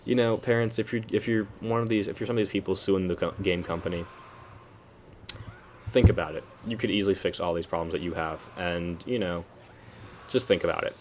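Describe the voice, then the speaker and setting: A man's voice: low-pitched, fairly quick, background noise. A young man giving a rambling, preachy spoken commentary, often correcting himself mid-sentence. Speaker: video commentator.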